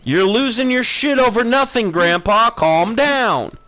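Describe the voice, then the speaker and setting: A man's voice: very high-pitched, unhurried, bright, forceful tone. A man streaming a profane, sarcastic rant that mocks people with put-on voices. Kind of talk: ranting commentary.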